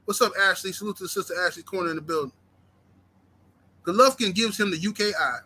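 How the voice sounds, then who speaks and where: A man's voice: high-pitched, fast, sharp tone, slightly rough. A man hosting boxing commentary, talking in a profane, fired-up rant full of rhetorical questions.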